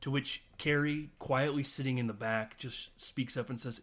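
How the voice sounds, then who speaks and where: A man on a casual film podcast recaps a movie scene by scene in a mid-pitched, conversational voice. He slips into quick impressions of the characters as he goes, then drops straight back into easy chat. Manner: animated retelling of scenes, acting out characters' lines. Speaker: podcast co-host.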